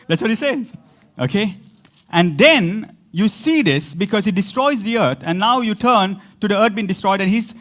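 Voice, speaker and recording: Animated high-voiced male pastor preaching. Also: moderate pace. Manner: animated, repetitive, laughing asides. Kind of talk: sermon.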